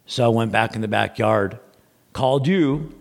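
Here a man, a guest on a podcast, tells a lengthy story casually and with plenty of digressions, performing people's words and swearing liberally. His voice sits in the mid range, creaky, at a moderate pace.

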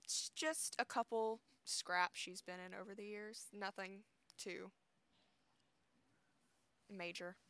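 A woman's voice: mid-range voice, fairly even intonation, slow, long pauses, sharp tone, clean tone, no echo. A woman player in a tabletop game, casually describing her character with hesitations.

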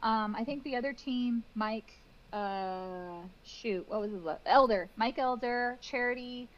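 A woman's voice: fairly high pitch, measured pace. Chatty woman guest, lo-fi audio. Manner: chatty, storytelling with frequent "like" and laughs. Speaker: podcast guest, cake decorator. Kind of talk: casual interview chat.

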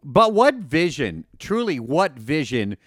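A man's voice: a little high, big pitch swings, slow pace, fairly bright tone, no echo, clean studio sound. A man hosting a podcast, talking casually and enthusiastically, often repeating and restarting words. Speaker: podcast host.

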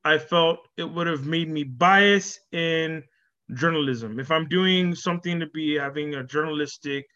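A man with a fairly high, bright, forceful voice talks casually to his online audience. He is animated, laughs a lot and often stumbles over repeated words. The recording sounds dull and lo-fi. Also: a little slow. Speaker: vlogger. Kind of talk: casual talk to camera.

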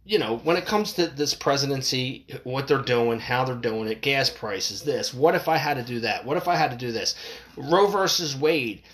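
An adult parent rants straight to camera, swearing freely and getting more worked up as they go. Their mid-height voice swings widely, dropping into low mutters and then leaping high in indignant bursts. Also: animated, moderate pace, fairly bright tone. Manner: impassioned, profane, voice jumping up when worked up. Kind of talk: heated opinion rant.

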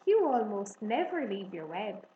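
A woman's voice: medium pitch, very animated, a little slow, narrow, tinny audio, a little hiss or hum. A woman voicing a young, innocent male pig who anxiously begs and pleads. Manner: anxious, begging. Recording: roomy echo.

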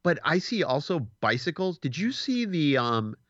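Animated man in casual chat. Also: on the high side, normal speed, no room sound. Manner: animated storyteller, acts out quoted people, swears casually. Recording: dull lo-fi dry sound.

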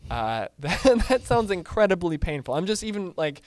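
A man's voice: high-pitched, sing-song, moderate pace, no echo. A man leading a casual group book discussion, full of fillers and restarts, putting questions to the group.

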